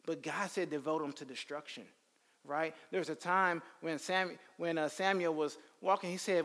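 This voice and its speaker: A man teaching the Bible in a lively sermon style, telling stories and acting out quotes. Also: a little high, moderate pace. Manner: animated storytelling, slips into character voices. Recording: long hall reverb.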